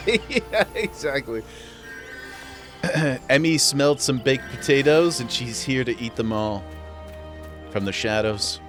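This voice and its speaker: A man chatting live on a game stream, in a playful and easygoing way. He laughs often and talks straight to his viewers in a mid-range voice. Soft music plays faintly behind him. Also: mid-range voice. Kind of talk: casual live-stream chat while gaming.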